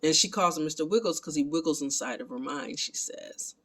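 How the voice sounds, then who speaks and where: A man giving a casual, animated recap of a film and talking to his viewers as family. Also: a little high, fast talker. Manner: animated, excitable retelling. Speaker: film reviewer.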